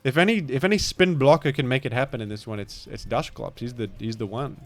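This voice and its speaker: Rambling British streamer, mock-grandiose. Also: male voice, mid-range voice, fairly quick, faint music behind. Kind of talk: live game commentary.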